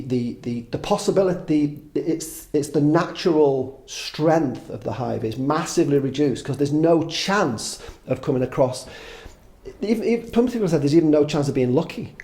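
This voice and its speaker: With a voice on the high side and a dark tone, this fifty-something podcast guest talks at a moderate pace and sounds animated. He rambles casually, cursing freely and making jokes at his own expense.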